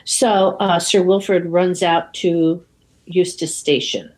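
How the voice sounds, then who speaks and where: A woman's voice: on the low side, steady tone, takes it slowly, a little mellow. A woman in casual chat, retelling a film's plot and acting out the lines. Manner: narrating plot, acting out quotes. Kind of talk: casual storytelling of a film plot.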